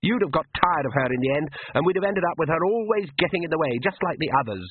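A man's voice: fairly high pitch, animated, noisy background, pitched above the performer's own voice, natural voice. A man voicing a sneering young vampire woman. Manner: sneering, drawn-out sarcasm. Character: scornful young female vampire, sharp-tongued. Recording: tinny lo-fi radio broadcast.

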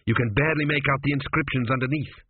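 A man voicing a brisk, bluff old dead king who talks impatiently and heartily, on a tinny, phone-like recording. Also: mid-range voice, breathy edge, dry recording. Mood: hearty.

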